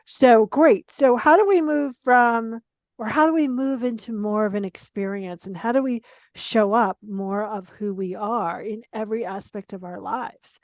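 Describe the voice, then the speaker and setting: A woman hosting a casual conversation, talking in an animated, emphatic and playfully blunt way. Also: mid-range voice, normal speed, no room sound, clean studio sound. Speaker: podcast host.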